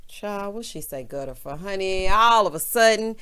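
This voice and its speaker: A woman's voice: medium pitch, animated, normal speed, bright, forceful tone, clear, resonant tone. A woman recapping a reality show in casual commentary, sassy and gossipy, talking straight to her viewers. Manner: sassy, gossipy, speaks to the audience directly.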